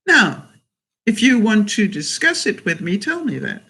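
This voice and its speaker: Outspoken woman vlogger with a bright voice. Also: medium pitch, big pitch swings, a little slow, gravelly, breathy edge, rough recording. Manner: outspoken, assertive, emphatic. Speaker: vlogger answering viewer comments. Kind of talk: casual live chat.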